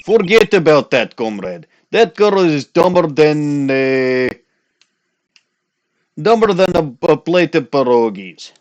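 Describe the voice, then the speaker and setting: A man voicing a gruff, threatening Russian thug with a put-on Russian accent in comic game voice acting. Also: on the high side, big pitch swings, slow, dull audio. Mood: scornful. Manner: over-the-top mock threats.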